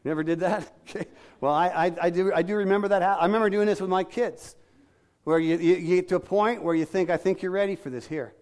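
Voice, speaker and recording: A middle-aged male pastor preaches with a slightly raised pitch. He speaks conversationally, acts out the lines he quotes, and checks in with his listeners through questions. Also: steady tone, fast, darkish tone. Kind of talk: sermon.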